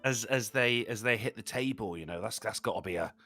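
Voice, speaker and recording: A man's voice: on the low side, a little fast, pushed and bright, soft background music. A man in casual, jokey podcast chat, swearing freely. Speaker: podcast co-host.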